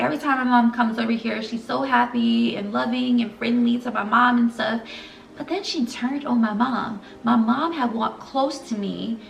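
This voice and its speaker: A woman's voice: on the high side, gravelly, echoey room, recorded from a distance, poor audio. A young woman telling an emotional story to her viewers in a casual vlog, earnest and direct. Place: home room.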